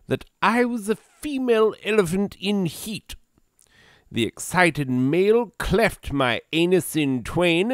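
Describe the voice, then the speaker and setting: Guy doing a snooty posh english gent, grand and mock-solemn, voice swinging up and down a lot, slow and deliberate. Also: fairly high pitch, dry recording, clean studio sound, voice pushed up, heavily acted. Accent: put-on upper-class English. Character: pompous upper-class English gentleman, murdered repeatedly.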